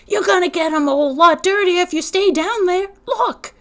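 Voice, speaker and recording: A woman voicing a bossy older boy who orders the younger children around, higher and louder than her reading voice. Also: animated, a little slow, natural voice. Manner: commanding.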